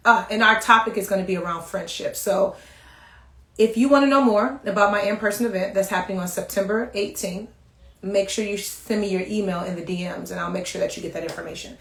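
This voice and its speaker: A woman at a medium pitch gives a motivational talk on a live stream. She speaks emphatically and turns straight to her viewers. The room has a roomy echo around her voice. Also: fairly quick. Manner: animated, emphatic, addresses viewers directly. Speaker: life coach hosting a weekly live stream.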